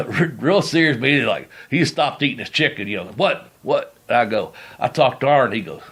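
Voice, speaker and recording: A man's voice: medium pitch, animated, fairly quick, a bit bright, breathy edge. Rambling middle-aged man telling wrestling stories. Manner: rambling, laughs often, swears while telling stories. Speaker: podcast host, former wrestler. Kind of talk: casual storytelling chat.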